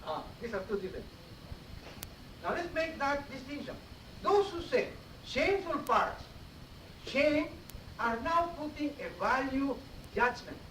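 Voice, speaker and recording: A man delivers a teaching sermon in a mosque hall, pausing to check that his listeners follow. He sounds far from the microphone, in a reverberant room, captured on an old 1980s cassette with a light hiss. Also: extremely high pitch, sing-song, fairly bright tone. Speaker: preacher giving a Friday sermon. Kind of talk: explanatory sermon. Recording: roomy, distant 1980s cassette tape with faint hiss.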